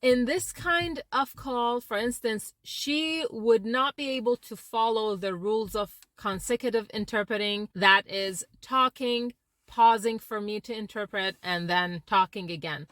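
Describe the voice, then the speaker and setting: Expressive woman teaching interpreting skills. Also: on the high side, a little slow, dry recording. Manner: expressive, shifts tone to illustrate points. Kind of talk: educational talk to camera.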